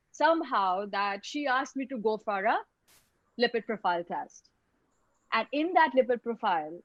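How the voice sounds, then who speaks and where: A woman tells her own story in a web lecture, halting and repeating words as she goes, heard over a video call microphone. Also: mid-range voice, a bit bright, dry recording, muffled recording.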